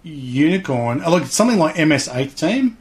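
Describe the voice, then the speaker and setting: A man's voice: fairly high pitch, big pitch swings, normal speed. A middle-aged man chatting casually in an interview, rambling enthusiastically and acting out little voices as he talks. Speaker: guest, hobby show host.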